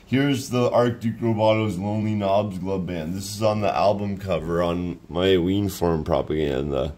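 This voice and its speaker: A man with a lowish voice talks through a sketchbook page by page. He rambles loosely, trailing off with fillers and restarting sentences as he goes. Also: fairly even intonation, normal speed, darkish tone. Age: 30s. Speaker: artist showing his sketchbook. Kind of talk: casual rambling commentary.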